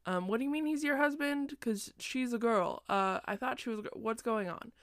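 A woman's voice: a little high, normal speed, dry recording, studio quality, voice pushed up, lightly acted. A woman voicing a flustered middle-aged king who stammers in confusion. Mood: confused. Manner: stammering, bewildered.

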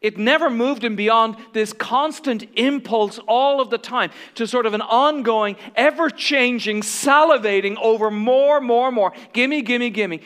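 High-voiced impassioned male preacher. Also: measured pace, few pauses, fairly bright tone, clear, resonant tone. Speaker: pastor. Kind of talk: sermon. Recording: long hall reverb.

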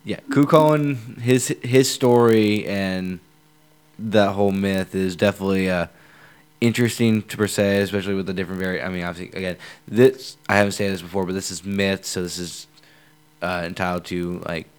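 A young man with a very low, smooth and resonant voice retells an old legend in a loose podcast chat. He leans on filler words and restarts as he goes. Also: moderate pace. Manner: relaxed storytelling with frequent fillers. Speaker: podcast host. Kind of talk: casual chat.

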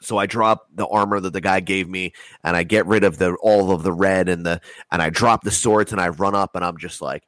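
A man's voice: low-pitched, a little fast, no room sound. A man telling a long story in casual chat, rambling and swearing a lot. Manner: rambling, heavy swearing, animated retelling.

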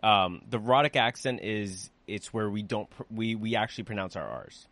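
A man's voice: fairly low pitch, lively intonation, moderate pace, a bit bright, no room sound. A young man co-hosting a casual podcast, swearing and drifting into long rambling explanations. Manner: swearing, rambling lecture-like asides. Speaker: podcast co-host.

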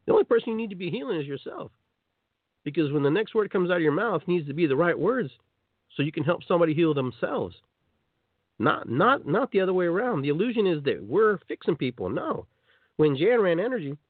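Male radio host, animated spiritual monologue; phone-line quality, dry and close. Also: on the high side, dry recording. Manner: animated, acts out quoted voices.

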